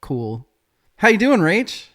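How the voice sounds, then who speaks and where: A man hosting a podcast, chatty and quick to laugh as he asks questions. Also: sits high, very animated, a bit bright. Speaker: podcast host. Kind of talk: casual interview chat.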